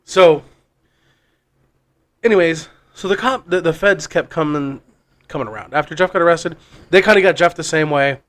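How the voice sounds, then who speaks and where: A man's voice: on the high side, moderate pace, pauses often, fairly bright tone. A man co-hosting a podcast, telling a long story casually in a rambling, profane way. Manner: rambling and profane, with frequent restarts and laughs. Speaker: podcast co-host.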